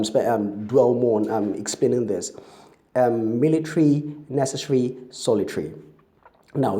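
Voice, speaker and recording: Mellow-voiced man teaching pronunciation. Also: mid-range voice. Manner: spells words out letter by letter, frequent "you know" and "um". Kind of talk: spoken English pronunciation lesson.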